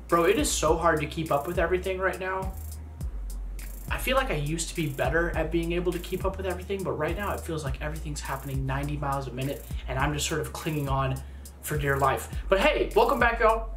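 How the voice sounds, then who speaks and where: A man hosting a casual reaction video, talking excitably and slangily to his viewers through a headset, in his morning voice. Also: fairly high pitch. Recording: echoey room, faint music.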